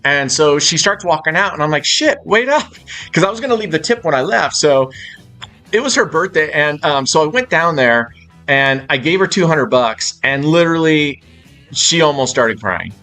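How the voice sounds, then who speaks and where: A man's voice: fairly high pitch, expressive, moderate pace, sharp tone, soft background music. A man chatting loosely on a live stream from a hotel suite, swearing freely as he rambles. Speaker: casino live-stream host.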